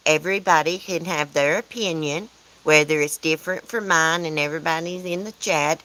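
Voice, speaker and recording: Southern US woman, low register, rambling casual livestream host who chats back to her viewers. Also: pushed and bright, low-quality recording. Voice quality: chatty, rambling, answers chat comments aloud. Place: outdoors at home, windy.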